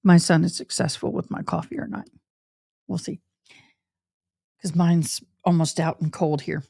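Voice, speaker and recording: A woman's voice: fairly low pitch, fairly even intonation, unhurried, creaky, dark tone, husky, no room sound, clean studio sound. A middle-aged woman, chatting casually and personally to her livestream viewers. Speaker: livestream host.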